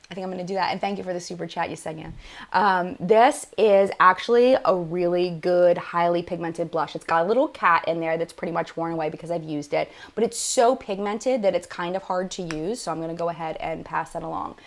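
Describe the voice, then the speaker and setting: Gushing, chatty woman livestreaming. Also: on the low side. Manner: gushing, chatty, lots of "like" and "oh my gosh". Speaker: beauty channel host. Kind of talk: casual live-stream chat.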